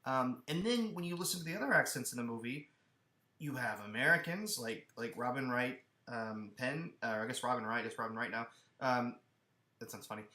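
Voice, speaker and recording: A man co-hosting a casual movie podcast, talking with animated energy and often restarting his sentences. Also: medium pitch, brisk, reverberant. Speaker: podcast co-host. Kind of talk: casual chat about movies. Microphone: headphones and studio mic.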